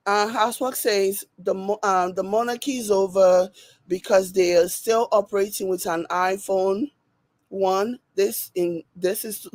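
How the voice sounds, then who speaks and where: A woman's voice: medium pitch, darkish tone, no room sound. A woman with a Nigerian accent hosting a casual live stream, reading viewer comments aloud and laughing often. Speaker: commentary host reacting to a video and reading live chat.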